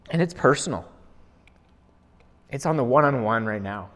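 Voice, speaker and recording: A man preaches a personal sermon, earnest and halting, often restarting his sentences. When he reads scripture he slows down and lifts his voice, which sits a little high for a man. His words ring out with a long reverb, as in a large hall. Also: sing-song, a bit bright.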